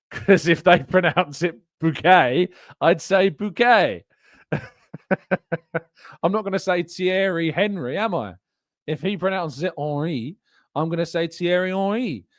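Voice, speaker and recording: A man's voice: on the high side, takes it slowly, long pauses, dry recording, studio quality. A man hosting a live fan show, chatting loosely and laughing as he reads out viewer comments. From England. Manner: chatty, rambling, laughs often. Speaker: podcast host. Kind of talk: live-stream chat, reading viewer comments.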